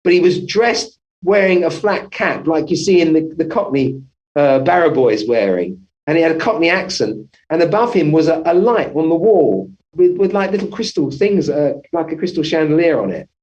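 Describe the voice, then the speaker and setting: A man's voice: a little high, very animated, normal speed, a little mellow, muffled recording. A man, a family physician, telling his story as an interview guest, rambling with many restarts and self-corrections.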